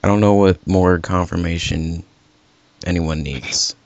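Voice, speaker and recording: Guy with a deep gravelly voice rambling on a gaming podcast, dry dull lo-fi sound. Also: measured pace, no echo. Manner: rambling, self-correcting, animated. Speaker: podcast host. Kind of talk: casual gaming podcast chat.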